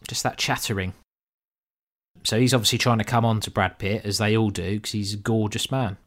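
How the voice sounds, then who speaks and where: Low-voiced laid-back man. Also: steady tone, fast talker, very noisy. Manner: laid-back, swears, mimics characters jokingly. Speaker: podcast co-host. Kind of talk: casual film review chat.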